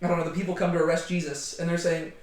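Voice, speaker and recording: A man leads a relaxed Bible study with a group, chatty and animated. He acts out the quotes he tells and keeps asking questions. His voice is fairly high and echoes around the room. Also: racing. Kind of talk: casual group Bible teaching.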